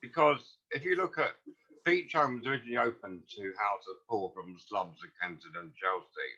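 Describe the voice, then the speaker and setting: A man's voice: on the low side, normal speed, sharp tone, breathy edge. A man, recalling the past as a guest in a rambling, earnest way. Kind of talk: casual storytelling. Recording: dull lo-fi audio.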